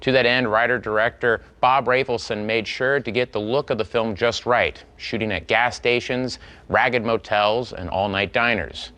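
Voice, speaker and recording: A man hosting a classic film channel, giving a measured, formal scripted introduction. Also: medium pitch, fairly even intonation, pushed and bright.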